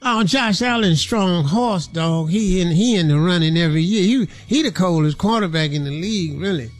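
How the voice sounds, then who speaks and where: A man voicing a smooth-talking, laid-back old-school pimp in a comedy radio bit, slangy and chuckling. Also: high voice, expressive, normal speed, soft background music. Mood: boastful. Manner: slangy, drawled, chuckling often. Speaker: comedy character on radio show.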